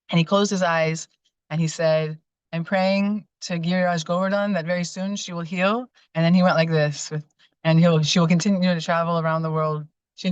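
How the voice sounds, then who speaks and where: A woman with a low, deep-set voice shares personal memories in a rambling, heartfelt way. She wanders off on tangents and restarts her sentences. The sound is dry and slightly muffled. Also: smooth, no echo. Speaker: guest sharing memories. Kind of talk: casual personal storytelling.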